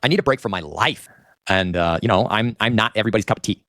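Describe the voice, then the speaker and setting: A man in his thirties rants in a fast, profane, self-pitying stream with a lively, swinging pitch. His voice is bright and tense, and the sound is dry and close. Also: dry recording. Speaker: online video maker. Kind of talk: ranting vlog monologue.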